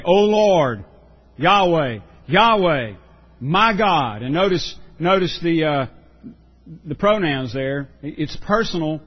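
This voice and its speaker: A man's voice: fairly high pitch, husky. Earnest preacher man, muffled recording. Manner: earnest, emphatic, repeats words while preaching. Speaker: pastor. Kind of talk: sermon.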